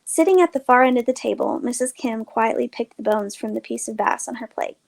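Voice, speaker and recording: A woman host narrating a scary story in a measured, expressive reading voice. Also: a little high, vocal fry.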